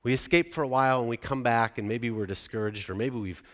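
A man's voice: mid-range voice, fast talker, fairly bright tone. A man in his forties preaching a sermon in a conversational way, often putting questions to the congregation. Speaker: pastor. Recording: reverberant church hall.

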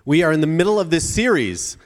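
A pastor preaching to students in a chatty way, often checking in with the crowd by asking "right?". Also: male voice, a little high, big pitch swings, a little fast, in a large hall. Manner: conversational, frequent tag questions. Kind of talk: sermon to students.

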